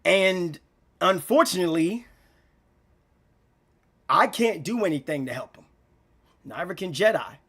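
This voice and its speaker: Brief: young male vlogger, high voice, rambling heartfelt monologue, on the edge of tears. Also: animated, unhurried, long pauses, bright, forceful tone, husky. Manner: rambling, repeats himself, slangy. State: near tears. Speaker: gaming channel vlogger. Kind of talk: emotional unscripted monologue.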